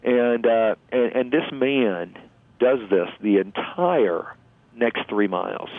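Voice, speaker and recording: A man guest earnestly telling a personal story in a halting, emotional way, heard over a phone-like line. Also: medium pitch, expressive, dry recording. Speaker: interview guest. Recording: phone-like narrow line, dry.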